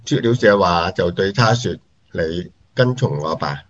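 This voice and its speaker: A man giving an even, formal Bible reading. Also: low-pitched, unhurried. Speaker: scripture reader. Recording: dull lo-fi recording.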